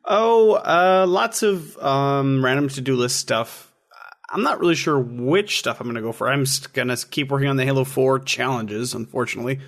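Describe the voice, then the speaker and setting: A man's voice: mid-range voice, moderate pace. A man co-hosting a podcast, chatting casually and easygoing, with hesitant fillers. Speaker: podcast co-host. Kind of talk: casual chat.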